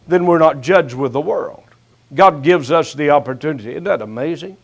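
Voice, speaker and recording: An older man preaching a sermon as pastor, his voice rising sharply and then dropping to a hush, with folksy, teasing jabs at his listeners. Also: fairly high pitch, gravelly. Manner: slow preaching with sharp rises and hushed drops.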